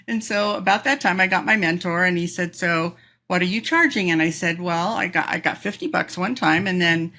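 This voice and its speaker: A woman guest in an interview, telling stories in an animated way, laughing often and acting out voices. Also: on the low side, a little fast. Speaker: professional speaker, guest. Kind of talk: casual storytelling interview.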